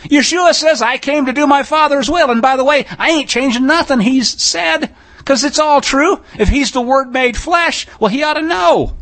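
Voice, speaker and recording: A man's voice: very high-pitched, fairly bright tone. A man preaching a sermon, folksy and emphatic, with sarcastic asides and pointed scripture reading. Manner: reads scripture aloud, stressing single words. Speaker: Bible teacher.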